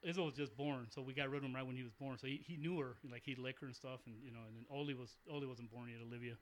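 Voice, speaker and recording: A man's voice: medium pitch, steady tone, racing. A man in his forties telling long, rambling stories in casual chat, swearing freely and restarting his sentences often. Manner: rambling storyteller, profane, many restarts.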